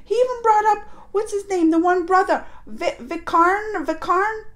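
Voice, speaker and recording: High-voiced excitable woman retelling a show. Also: measured pace. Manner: excitable, animated storyteller. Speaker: reaction video host.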